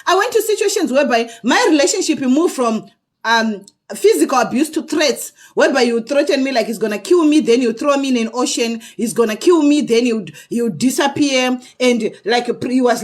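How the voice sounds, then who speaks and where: High-voiced woman giving earnest testimony. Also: expressive, fairly quick. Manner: earnest, often adds "okay?" to check in with viewers. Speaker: vlogger sharing personal experience. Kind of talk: personal testimony to camera.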